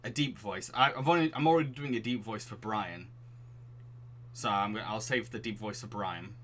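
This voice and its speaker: A man's voice: fairly low pitch, normal speed, fairly bright tone, slight background noise. A man from England streaming a dating game, giggling and reading the story aloud. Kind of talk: let's play commentary.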